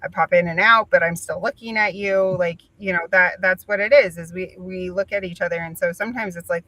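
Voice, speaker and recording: A woman's voice: fairly low pitch, steady tone, brisk, hardly any pauses, a bit bright, no echo, poor audio. A woman hosting an interview, talking casually and chattily with lots of fillers. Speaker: podcast host.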